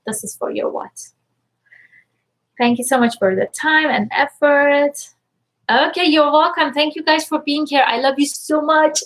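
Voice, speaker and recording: A woman coach talking casually to viewers on a live stream, energetic and upbeat, effusively thankful and at times close to tears. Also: high-pitched, normal speed, poor audio. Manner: emotional, near tears at times. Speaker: life and money mindset coach.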